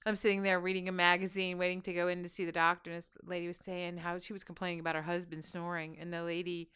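A woman's voice: on the low side, little pitch movement, fast talker, a bit bright, clear, resonant tone. A middle-aged woman co-hosting a podcast, chatting in an upbeat way and laughing often. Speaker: podcast co-host. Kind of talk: casual chat.

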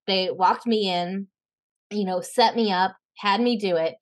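A young woman, an actress and podcast guest, chatting casually and telling animated stories, acting out the voices she quotes and laughing often. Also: medium pitch, unhurried. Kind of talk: casual interview chat.

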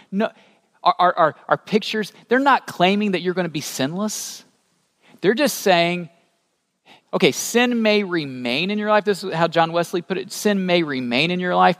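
High-voiced pastor preaching in a reverberant hall. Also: male voice. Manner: animated, rising to emphatic high peaks; asks the congregation questions. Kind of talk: sermon.

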